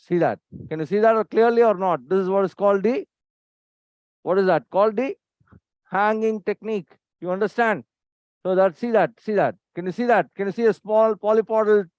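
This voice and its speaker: A man with a high, darkish voice gives live teaching commentary during surgery in an operating theatre, heard in a dry, dull lo-fi recording with no echo. He's instructive, keeps saying "see here," repeats his pointers and quizzes listeners with check-in questions, while staying brisk and impatient with the staff.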